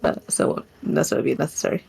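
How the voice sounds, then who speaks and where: A woman's voice: very fast, a little mellow. A woman narrating her character's actions in a tabletop game, rambling with laughing asides. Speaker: player. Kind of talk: tabletop role-play narration.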